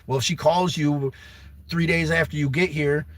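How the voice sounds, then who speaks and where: Speaking at a moderate pace in a fairly high, fairly bright voice with fairly even intonation, a young man hosting a livestream pleads sincerely with a viewer, calling him brother and urging him to stay at his home. The tone of the stream is emotional and heartfelt.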